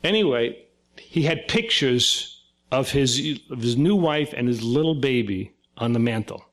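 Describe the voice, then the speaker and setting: A man's voice: mid-range voice, expressive, measured pace, a bit bright. An older man from Brooklyn, a psychoanalyst giving a talk and retelling a story, acting out the quoted voices. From Brooklyn, New York. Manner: conversational, acts out quoted voices. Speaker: psychoanalyst lecturer.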